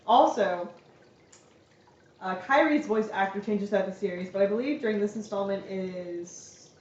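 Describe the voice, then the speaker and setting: A woman's voice: mid-range voice, moderate pace, a little mellow. A young woman streamer casually recapping a game story at home, chatty and playful. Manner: chatty and playful, laughs often. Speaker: streamer giving a lecture. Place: home room. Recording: echoey room, distant dull mic.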